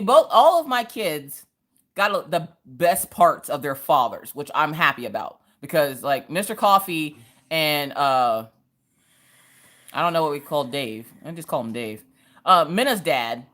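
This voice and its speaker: A woman hosting a casual crafting livestream, telling family stories in a lively, animated way. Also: low-pitched. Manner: lively storytelling, acting out family voices. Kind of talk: casual chat while crafting.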